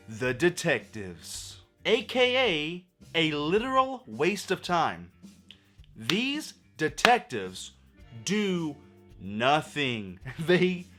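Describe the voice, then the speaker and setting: A man's voice: on the high side, a bit bright. Guy ranting about a movie he hated, sarcastic and sweary, voice bouncing up and down. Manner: sarcastic and profane. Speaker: movie reviewer. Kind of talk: ranting spoiler review.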